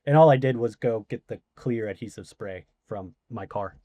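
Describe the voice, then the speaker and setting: Man in his 40s, middle pitch, dry close sound, loose anecdotal guest talk. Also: moderate pace, dark tone, no room sound. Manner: rambling anecdotes with many fillers. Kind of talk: casual interview storytelling.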